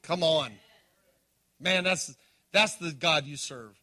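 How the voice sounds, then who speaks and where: A man delivers a sermon, his voice sitting high and ringing bright. He drives points home with bursts of force, then pulls back to quiet, earnest appeals. He calls out to the congregation as he goes. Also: slow. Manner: impassioned preaching, swinging between loud emphasis and hushed appeals. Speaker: pastor.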